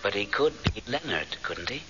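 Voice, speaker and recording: A man's voice: fairly low pitch, big pitch swings, normal speed, bright, forceful tone. An actor playing a teasing, knowing ghost of a man in a 1970s radio drama, speaking dryly. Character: ghostly man, Paul's dead friend, sly. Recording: dull vintage radio broadcast, faint hiss.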